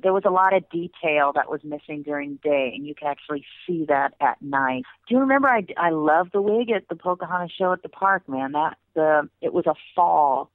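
A woman and former theme park performer, telling stories in a casual, animated way as an interview guest. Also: on the low side, brisk, few pauses, no room sound. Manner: animated, with bursts of laughter. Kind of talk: casual storytelling. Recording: tinny phone line.

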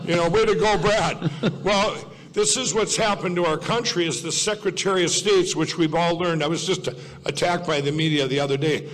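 At a political event, a man with a somewhat high, slightly bright voice delivers a rambling public speech to a crowd at a moderate pace. He wanders off on tangents, loops back, and corrects himself along the way, keeping things folksy and improvised. A long reverb from a large hall trails his words.

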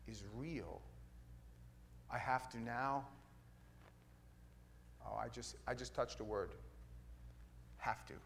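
A middle-aged man, a pastor, preaching a sermon in a folksy, playful way that swings from loud to hushed. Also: medium pitch, gravelly, slight background noise.

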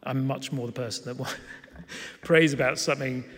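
A man preaching a sermon, telling a story and acting out the quoted lines with lively emphasis. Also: mid-range voice, normal speed. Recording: long hall reverb.

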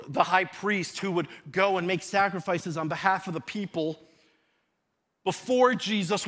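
A young man preaching a sermon, moving between casual storytelling asides and loud emphatic shouted declarations. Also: high voice. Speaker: pastor.

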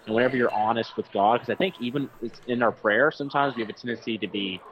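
A man's voice: mid-range voice, quick pace, dull audio, a little hiss or hum. A young man co-hosting a casual faith talk, thoughtful, often restarting his sentences. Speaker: podcast co-host.

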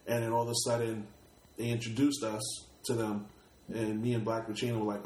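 A man's voice: fairly low pitch, level tone, a little fast, a little mellow, slight background noise. Streetwise New York man, roomy sound. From Brooklyn, New York. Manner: streetwise, repeats and restarts words, swears casually. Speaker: rapper interview guest. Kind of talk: casual storytelling interview.

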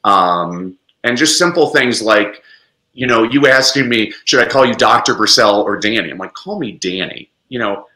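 A man, a teacher and podcast guest, talking expressively in an interview and jumping high in pitch to make a point. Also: normal speed, roomy sound, poor audio. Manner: lively, expressive, sweeps into high pitch for emphasis. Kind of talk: animated interview talk.

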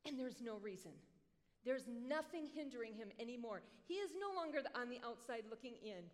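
A woman preacher giving a sermon in an animated, conversational way, with joking asides, in a large hall. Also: sits high, a little fast. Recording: long hall reverb.

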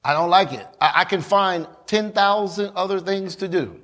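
A man preaching a sermon, acting out quoted lines and calling out to the congregation. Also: high voice. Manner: preaching, rising to shouts, with quick asides to the congregation. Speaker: pastor.

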